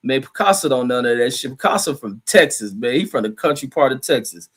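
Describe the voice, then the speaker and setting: A man's voice: medium pitch, animated, fast, a bit bright, breathy edge. A middle-aged man chatting casually on a livestream from home. He rambles in a loose, profane way, reading viewer comments aloud and riffing on them. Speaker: livestream host reading chat.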